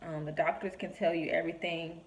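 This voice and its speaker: Young woman, encouraging, heartfelt vlog talk, lower voice, faint background noise. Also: flat delivery, a little fast, low-quality recording. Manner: earnest and encouraging, acts out quoted voices. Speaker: vlogger sharing faith reflections. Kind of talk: heartfelt personal talk to camera.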